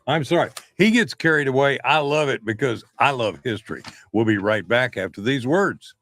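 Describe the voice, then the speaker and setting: An eager male talk show host who breaks in with questions and keeps clearing his throat. Middle pitched and recorded dry, with no room echo. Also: animated, moderate pace, fairly bright tone. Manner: enthusiastic, interjecting, frequently clears throat.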